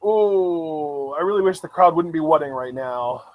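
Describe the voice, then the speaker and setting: A man co-hosting a live reaction show, expressive and laughing, with swooping exclamations. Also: on the high side, measured pace, narrow, tinny audio. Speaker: co-host reacting to a wrestling broadcast.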